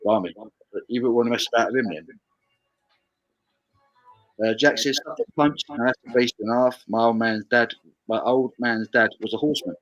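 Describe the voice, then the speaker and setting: A man's voice: mid-range voice, normal speed, pauses often, fairly bright tone, soft background music, rough recording. A man from England hosting a casual live stream, reading viewer comments aloud with frequent stammered restarts.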